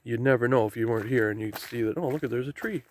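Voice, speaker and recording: A Canadian vlogger talks casually to his camera while walking downhill on a rainy forest trail toward the ocean, rambling about whatever he sees. His mid-range voice moves at a quick pace, with faint outdoor noise of rain and waves behind him.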